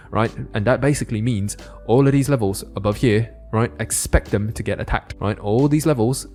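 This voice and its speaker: A man giving a casual crypto chart analysis, often checking in with the listener with quick tag questions. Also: mid-range voice, darkish tone. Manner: casual, keeps adding "right?" tag questions. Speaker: crypto trading YouTuber.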